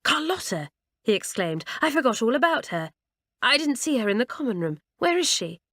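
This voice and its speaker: A woman's voice: a little high, sing-song, brisk, a bit bright, no echo, studio quality, pitched above the performer's own voice. A woman voicing a protective teenage boy in an audiobook, curt and hissing when angry. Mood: alarmed. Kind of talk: audiobook character reading.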